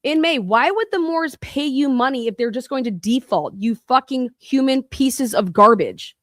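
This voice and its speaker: A woman's voice: sits high, animated, moderate pace, a bit bright, no echo, studio quality. A woman podcast host delivering a heated, profane rant in an angry monologue.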